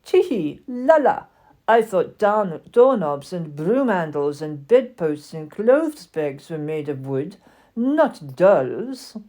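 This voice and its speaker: A haughty French walking doll, put on by a woman reading aloud, talks in an affected, mocking lilt with a French accent. Her voice rises high and bright when she titters. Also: lively intonation, takes it slowly.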